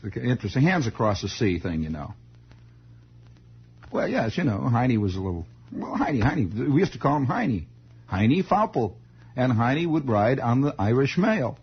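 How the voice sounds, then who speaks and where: A man's voice: medium pitch, sing-song, moderate pace, breathy edge. A man hosting a radio show who tells a rambling, digressive childhood story and chuckles as he goes. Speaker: radio host. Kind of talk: improvised radio storytelling monologue. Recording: dull lo-fi 1960s radio broadcast.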